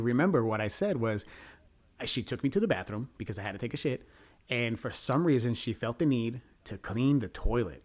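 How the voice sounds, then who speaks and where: A man hosting a podcast, telling a crude story in a rambling, animated way. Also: mid-range voice, a little fast, slightly rough. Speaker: podcast host. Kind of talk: casual storytelling.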